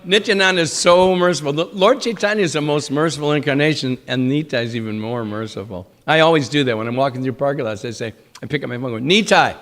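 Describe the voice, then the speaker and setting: An older man giving an informal sermon, telling lively stories and acting out the people he quotes. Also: mid-range voice, fast talker, hardly any pauses. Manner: animated storytelling, acts out quoted people. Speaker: speaker at a temple class.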